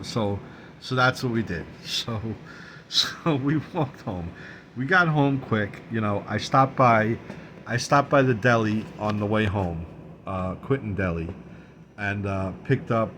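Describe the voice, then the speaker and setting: A man's voice: medium pitch, background noise. A man casually telling a long story for his vlog. He rambles, repeats himself, swears freely and laughs as he talks. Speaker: vlogger. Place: dining room at home.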